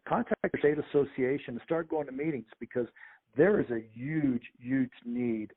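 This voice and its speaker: A middle-aged man, a veteran sports official, spins lively stories and slips into the voices of the people he quotes. His voice sits at an ordinary middle pitch. It comes through a thin, tinny phone line. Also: moderate pace, slightly rough. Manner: lively anecdotes, acts out the voices of others. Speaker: sports official, podcast guest. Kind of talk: conversational storytelling interview.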